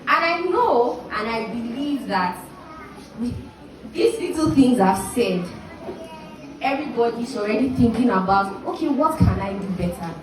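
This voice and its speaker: A young woman speaking at a school graduation, earnestly urging parents and acting out little dialogues between parent and child. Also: fairly high pitch. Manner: earnest, preachy, acts out parent and child quotes. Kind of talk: exhortative speech to parents. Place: outdoor or large hall ceremony. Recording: echoey PA from far off, noisy.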